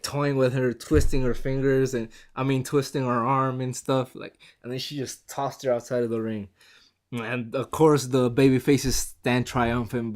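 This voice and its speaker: A man giving a casual spoken review, excitable and chatty and quick to laugh. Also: fairly high pitch. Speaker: show reviewer.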